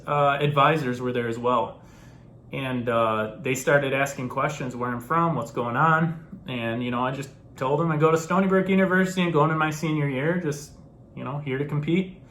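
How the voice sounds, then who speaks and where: A young man casually telling a story to camera, animated and laughing often, acting out the people in it. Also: medium pitch, moderate pace, a little hiss or hum. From New York. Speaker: former college baseball player telling his story.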